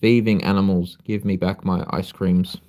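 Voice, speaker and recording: A man's voice: deep voice, level tone, moderate pace, a little mellow. A man voicing a grumpy, hard-of-hearing ice cream seller in a children's story reading. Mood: angry.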